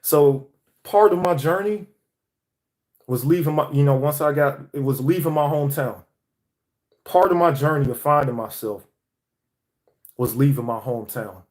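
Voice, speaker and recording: A man's voice: on the high side, normal speed, long pauses, a little mellow. A young man from Atlanta, delivering a heated, profane motivational monologue.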